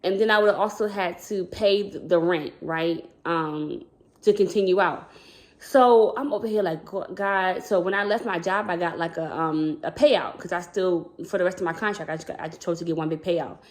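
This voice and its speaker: A talkative woman vlogger tells her story straight to camera in a slightly low voice. She rambles and backtracks, and keeps turning to her viewers with "y'all". She often slips into acting out what people said to her. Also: normal speed. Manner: chatty, rambling, addresses viewers as "y'all", acts out quoted dialogue. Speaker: vlogger, school counselor.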